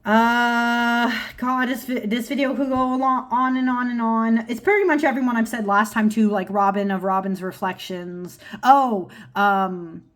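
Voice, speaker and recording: A woman's voice: fairly high pitch, fairly even intonation, measured pace, few pauses, a bit bright. A woman tarot vlogger from California, chatting casually to her viewers in a rambling, self-deprecating way, with lots of ums and laughs. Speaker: tarot YouTuber. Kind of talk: casual rambling video chat.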